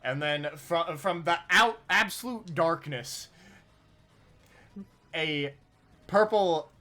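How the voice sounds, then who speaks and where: Bright-voiced man describing his tabletop character. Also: fairly high pitch. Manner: halting, with many restarts and fillers. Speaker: player.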